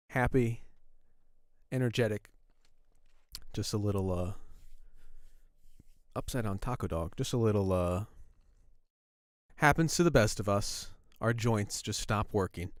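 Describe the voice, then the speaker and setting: A man hosts a live stream and chats casually with his viewers, wandering from one thought to the next. His voice sits low. The sound is dry and close to the mic. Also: no echo. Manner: chatty, rambling, talks to viewers while browsing. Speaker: livestream host.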